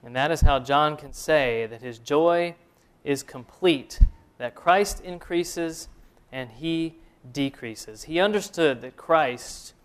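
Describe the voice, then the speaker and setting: Earnest preacher man, smooth voice. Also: a little high. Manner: earnest preaching, rhetorical questions, slows for emphasis. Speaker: pastor. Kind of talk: sermon.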